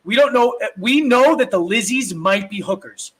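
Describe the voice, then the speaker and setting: Podcast co-host, New York accent, high-pitched man, excitable and sweary. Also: normal speed, breathy edge, poor audio. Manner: excitable, swearing, restarts often. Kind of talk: casual chat.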